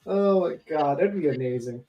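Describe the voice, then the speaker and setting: A man's voice: fairly high pitch, lively intonation, moderate pace, warm tone, muffled recording, soft background music. A man joking and mocking in a casual live panel chat, laughing often.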